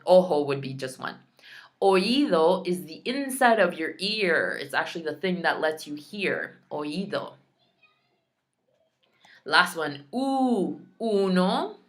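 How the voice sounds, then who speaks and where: A woman teaching a recorded Spanish lesson, slowly drilling words and repeating each one, with chatty asides between drills. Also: deep voice, fairly bright tone. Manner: slow, careful pronunciation drills, repeating each word.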